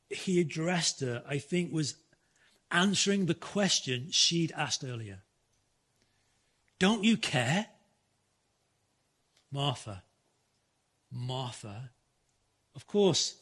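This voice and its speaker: A man preaching a sermon in an earnest style, restarting phrases now and then and softening his voice for quoted words. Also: fairly high pitch, slightly rough. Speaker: pastor.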